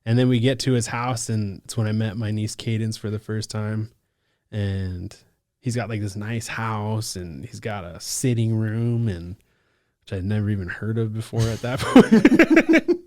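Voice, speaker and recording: Low-voiced man telling his story, dry close mic. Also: lively intonation, darkish tone, no room sound. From Alaska. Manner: loose, slangy talk full of "like" and "bro", quick to laugh. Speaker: case manager, podcast guest. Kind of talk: casual storytelling chat.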